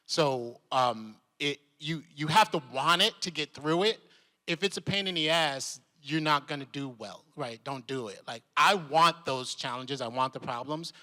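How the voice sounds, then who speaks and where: Here a male actor, appearing as a convention panel guest, spins animated stories, laughing and acting out the voices of those he's quoting. He speaks at an ordinary speed with a slightly high voice, and the hall's long reverb trails behind him.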